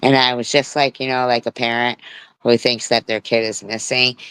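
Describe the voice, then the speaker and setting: A woman's voice: very deep voice, flat delivery, moderate pace, fairly bright tone, clear, resonant tone, no room sound. A woman in her forties telling stories on a casual livestream, blunt and swearing freely. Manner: blunt, heavy swearing, storytelling. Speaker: livestream host.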